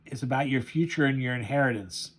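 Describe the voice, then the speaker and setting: Sick old comic-book mother, solemn, a man reading, mid pitch. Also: quick pace, natural voice.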